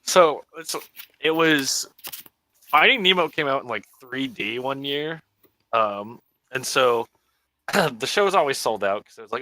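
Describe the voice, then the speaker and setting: A young man co-hosting a casual podcast, telling stories in animated, slangy bursts. His pitch swings widely and his tone is bright and forceful. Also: measured pace, pauses often. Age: young adult. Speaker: podcast co-host. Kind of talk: casual chat.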